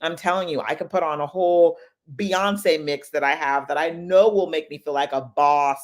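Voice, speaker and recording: A woman hosting a casual motivational talk, chatty and animated, with lively asides as she tells stories. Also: deep voice, moderate pace. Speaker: host.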